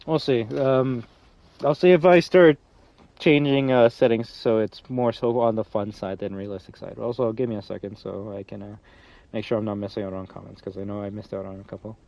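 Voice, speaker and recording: This man hosts a game lobby on stream, chatting casually with a friend and his viewers in a rambling way, restarting often, using fillers and swearing freely. His low voice has vocal fry and a darkish tone, with fairly even intonation and a fairly quick pace. The audio is dull, with no echo.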